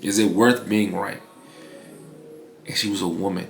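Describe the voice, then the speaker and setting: A man's voice: fairly low pitch, fairly even intonation, a little slow, creaky, reverberant, faint music behind. A man in his twenties talking casually in a vlog about his clothing brand, laid-back and slangy with lots of fillers. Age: 20s. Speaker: vlogger building a clothing brand.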